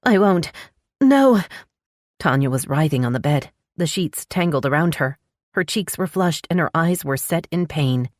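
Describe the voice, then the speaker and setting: A woman narrating a romance audiobook with a steady storytelling delivery. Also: low-pitched, normal speed, no echo, studio quality.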